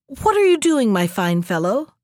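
A woman's voice: a little high, big pitch swings, normal speed, darkish tone, no echo, studio quality. A woman voicing an earnest, kind-hearted young man in a storybook reading, eager and pleading.

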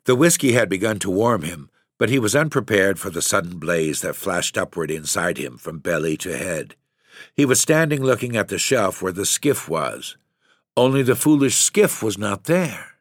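A man reading a literary story aloud in a measured, steady narration. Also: low-pitched, dry recording, clean studio sound. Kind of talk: scripted audiobook narration.

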